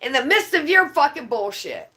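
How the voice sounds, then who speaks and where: A woman's voice: high voice, huge pitch swings, moderate pace, sharp tone. A woman venting in heated, profane rants while chatting at home.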